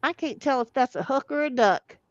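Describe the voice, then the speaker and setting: A woman's voice: sits high, animated, brisk, no echo, dull audio. A woman hosting a casual livestream, reading viewer comments aloud in a salty, giggly way and swearing freely. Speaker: livestream host.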